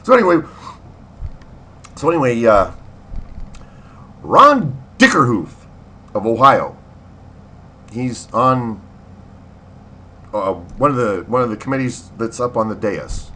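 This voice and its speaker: A man's voice: mid-range voice, very animated, slow pace, long pauses, bright, forceful tone. A man in his fifties casually telling a rambling story in a spoken diary, acting out quotes and laughing. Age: 50s. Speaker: video blogger.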